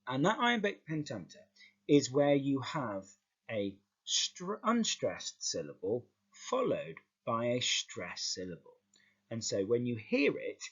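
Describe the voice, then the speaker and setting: Lively stop-start teacher, husky voice. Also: male voice, medium pitch, muffled recording. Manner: lively, stop-start explaining with repeated words. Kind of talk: classroom lesson explanation.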